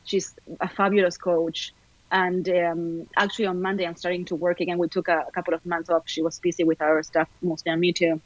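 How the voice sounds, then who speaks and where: Argentine-accented actress, upbeat and talkative guest, dry, muffled lo-fi sound. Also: female voice, lowish voice, flat delivery, fairly quick, dry recording. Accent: Argentine Spanish. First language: Spanish. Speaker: actor, podcast guest. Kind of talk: casual interview chat.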